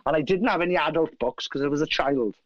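A man from South Wales with a Welsh accent, telling animated, profane anecdotes and acting out other people's lines. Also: fairly high pitch, fast, a little hiss or hum. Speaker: guest musician. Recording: dry, slightly dull lo-fi sound.

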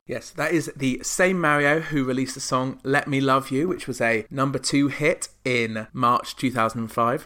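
A man hosting a comedic music chart podcast, sarcastic with deadpan asides. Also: mid-range voice. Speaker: podcast host.

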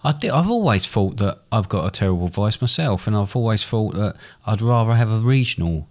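This man in his fifties speaks in a low, easygoing Estuary English voice. He talks casually as a podcast co-host and often stops to restart his sentences. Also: animated, a little fast, a little mellow. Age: 50s. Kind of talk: casual chat.

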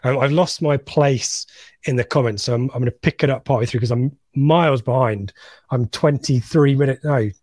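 A man co-hosts a casual live stream, reading viewer comments aloud with lots of ums and restarts. His voice sits at an ordinary pitch. The sound is dry and close. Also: moderate pace, a little mellow, no echo. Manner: rambling, many ums, reads names aloud. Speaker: co-host of a live fan stream.

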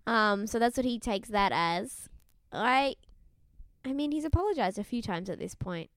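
A woman's voice: a little high, moderate pace, no room sound. A woman co-hosting a podcast, casually recapping a TV show, laughing and acting out the people she quotes. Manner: chatty, laughing, quotes people in animated voices. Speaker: podcast co-host.

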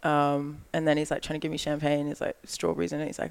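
A woman's voice: deep voice, fast talker, gravelly, smooth. A woman, a guest who works as a model, telling a long story in casual chat, acting out what people said and saying "like" a lot. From Australia. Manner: animated storytelling, acts out quoted lines, frequent "like".

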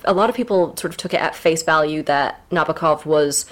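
A woman co-hosting a book podcast, talking in a brisk, blunt, joking way. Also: sits low. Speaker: podcast co-host. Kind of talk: casual book podcast chat.

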